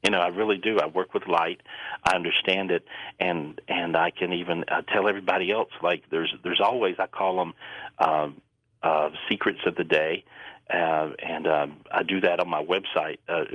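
Earnest low-voiced man, husky and rambling. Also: steady tone, no room sound, highs cut off. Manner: earnest, rambling, halting with repeated words. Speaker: psychic guest. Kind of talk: radio interview chat.

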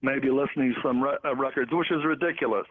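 Man, guest author, halting speech, lots of fillers, phone-line sound. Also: medium pitch. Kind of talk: phone interview.

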